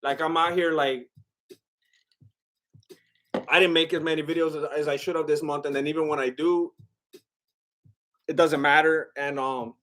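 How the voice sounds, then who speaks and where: A man's voice: on the high side, steady tone, moderate pace, long pauses, fairly bright tone, a little hiss or hum. A man with a Mexican-American accent chatting casually on a live stream, rambling with lots of fillers and laughter.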